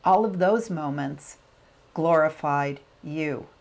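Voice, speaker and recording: Woman voicing a gentle being of light. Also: deep voice, slow. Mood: solemn.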